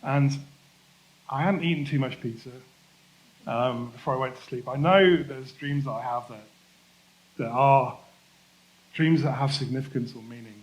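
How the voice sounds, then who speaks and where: A man preaching a church sermon in a conversational, self-deprecating way, slowing down to stress key points. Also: medium pitch, poor audio. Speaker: pastor.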